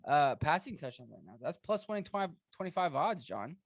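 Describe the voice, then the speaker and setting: An energetic man with a fairly high voice hosts a casual sports podcast, trading quick jokes with his co-host. The sound is close and dry, with no room echo. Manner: energetic, joking, quick banter.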